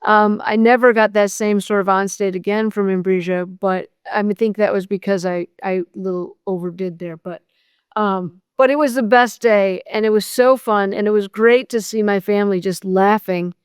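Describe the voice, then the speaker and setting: A woman telling a funny personal story on a video call, animated and laughing, acting out quotes. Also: mid-range voice, moderate pace, clean tone, no room sound, studio quality. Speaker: panelist sharing a personal story.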